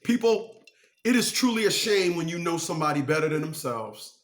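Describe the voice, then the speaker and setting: A man's voice: on the high side, very animated, normal speed. A man giving a motivational monologue who speaks emphatically and repeats phrases to drive his points home.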